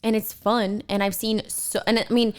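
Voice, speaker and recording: A young woman chatting on a podcast in a smooth, clear voice. She talks casually and tells stories with plenty of fillers. Her pitch sits in an ordinary middle range. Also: moderate pace. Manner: chatty, animated storytelling with many fillers. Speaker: podcast co-host. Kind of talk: casual chat.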